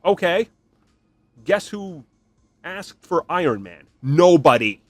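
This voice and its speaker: A man hosting a podcast, giving an animated, opinionated rant and mocking other fans in put-on voices. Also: a little high, moderate pace, no echo, soft background music. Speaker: podcast host. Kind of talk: opinionated solo commentary.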